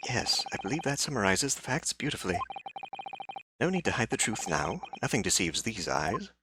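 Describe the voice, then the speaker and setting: Man doing a grandiose british gentleman sleuth, showy, swooping, pompous. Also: on the low side, big pitch swings, normal speed, background noise. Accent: put-on British. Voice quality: grandiose, theatrical delivery. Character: pompous, overconfident male gentleman detective. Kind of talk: reading game dialogue aloud. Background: game music.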